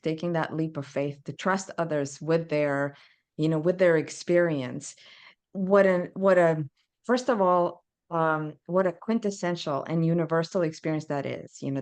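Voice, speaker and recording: A woman hosting a podcast with a low, smooth voice. She talks reflectively and takes her time, sometimes pausing mid-sentence to find the right word. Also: darkish tone. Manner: reflective, searching for words. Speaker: podcast host. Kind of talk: interview conversation.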